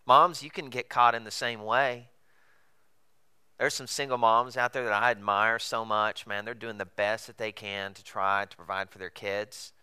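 Man, pastor, sermon, bright tone, crisp voice, animated conversational delivery. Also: mid-range voice, moderate pace. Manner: conversational, animated preaching with rhetorical questions.

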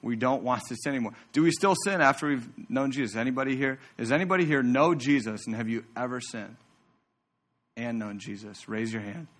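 Male pastor, mid-pitched voice, chatty preaching style with asides to the congregation, church sermon. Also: brisk, a bit bright.

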